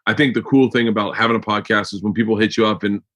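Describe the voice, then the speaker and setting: A man's voice: on the low side, steady tone, fast. A man hosting a podcast in casual chat, telling stories in a loose, rambling way with plenty of swearing. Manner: loud, swearing, rambling storyteller. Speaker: podcast host.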